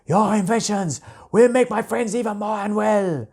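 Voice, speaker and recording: A woman voicing a huge, angry male ice dragon king who booms and shouts his lines in a storybook reading. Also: moderate pace, creaky, slightly rough. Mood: furious. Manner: booming, shouting.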